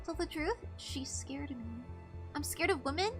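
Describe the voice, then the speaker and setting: A woman streamer playing a game live, reading its text aloud and reacting with loud, startled outbursts and swearing. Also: high-pitched, normal speed, faint music behind.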